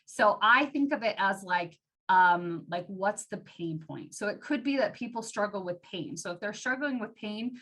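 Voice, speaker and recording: A woman's voice: mid-range voice, a bit bright. A woman giving a casual sales training talk, chatty and full of "like" fillers. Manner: chatty, uses many "like" fillers, acts out customer voices. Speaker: team trainer.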